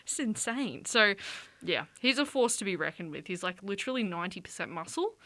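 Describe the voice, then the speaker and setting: Giggly, animated young woman co-host. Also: mid-range voice, fairly quick, no echo. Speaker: youth radio podcast co-host. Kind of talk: casual chat. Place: radio studio.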